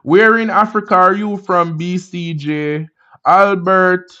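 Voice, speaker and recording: A man's voice: high-pitched, fairly even intonation, pushed and bright, lo-fi sound. A Jamaican man hosting a casual livestream chat. He answers viewer comments and greets viewers by name. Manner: laid-back, drawn-out, greets viewers by name. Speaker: livestream host.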